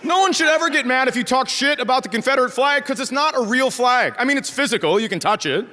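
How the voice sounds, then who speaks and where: A man's voice: very high-pitched, fast, big-room sound. A man doing stand-up storytelling, acting out the people in his story and swearing freely. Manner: animated, acts out dialogue in different voices, profane. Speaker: stand-up comedian. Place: comedy stage before a live audience. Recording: live show with audience laughter.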